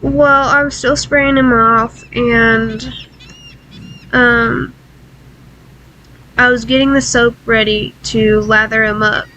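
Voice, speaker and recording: A woman with a high, bright voice tells a painful personal story, crying and pausing as she talks. Her speech is slow and halting, and she breaks off often. A faint hiss sits under the recording. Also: steady tone, rough recording. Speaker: vlogger.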